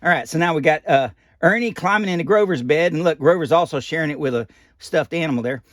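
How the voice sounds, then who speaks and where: A man's voice: on the high side, fast, a bit bright, dry recording, studio quality. A man reading a picture book aloud, breaking off for folksy, rambling, joking asides. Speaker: storybook reader.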